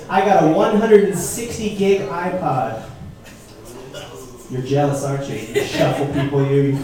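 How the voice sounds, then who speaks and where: A man's voice: a little high, far from the mic. A man in his thirties doing a punchy stand-up set at a comedy club, asking the crowd questions. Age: 30s. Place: comedy club stage before a laughing crowd. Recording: echoey club recording from afar, loud noise.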